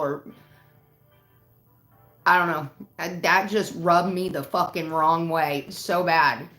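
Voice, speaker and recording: A woman's voice: on the low side, pushed and bright, faint music behind. Woman venting on her livestream, cussing a lot, kinda echoey room. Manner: profane, heated, talks fast in bursts. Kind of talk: casual storytelling rant. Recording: roomy echo.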